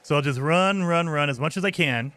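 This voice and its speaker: Male gaming streamer, slightly high, bright voice; chatty play-by-play commentary. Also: a little fast, faint music behind. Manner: chatty, explains as he plays, grumbles at game tools. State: out of breath at times while running. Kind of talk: casual gameplay commentary.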